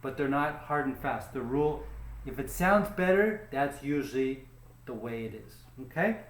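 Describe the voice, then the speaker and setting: A man's voice: medium pitch, lively intonation, moderate pace, roomy sound, rough recording. A man teaching a pronunciation lesson, speaking patiently, repeating words and checking in with "okay?". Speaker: English teacher.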